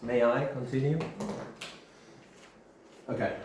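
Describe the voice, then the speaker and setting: A man's voice: medium pitch, steady tone, slow pace. Man teaching grammar in an echoey room. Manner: repeats key terms, checks with "yeah?". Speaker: English teacher. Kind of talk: classroom grammar lesson. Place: classroom with students. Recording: very echoey room, faint background hiss.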